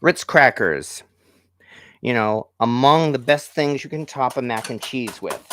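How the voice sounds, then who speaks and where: A man's voice: mid-range voice, animated, a little slow, pushed and bright, a little hiss or hum. A man hosting a home cooking show, chatting casually while he cooks, rambling and self-deprecating with corny puns. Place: home kitchen.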